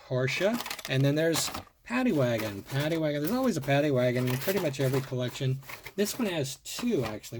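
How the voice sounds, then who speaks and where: Guy rambling about his toy cars, repeats himself a lot, mid pitch, bit of faint hiss. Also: lively intonation, fairly quick. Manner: admiring, rambling, repeats words, thinks aloud. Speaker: toy car collector showing a collection. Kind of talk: casual show-and-tell vlog.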